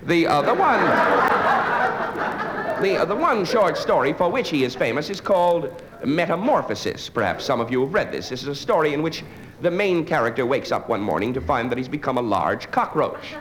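A man's voice: fairly high pitch, sing-song, normal speed. A man doing a live stand-up routine, dry and digressive, bantering with the audience. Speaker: stand-up comedian. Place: live club before an audience. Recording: noisy live recording.

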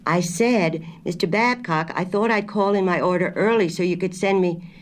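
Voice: mid-range voice, sing-song, a little fast, voice pushed up. Older wife, patient and flustered, a reader puts her on, polite and placating, storybook. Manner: polite, placating, slightly raised voice.

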